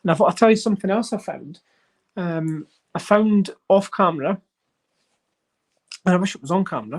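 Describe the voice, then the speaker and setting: A host chatting casually on a livestream while sorting coins, rambling and getting excited over finds. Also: mid-range voice, normal speed, pauses often. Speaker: coin collecting channel host.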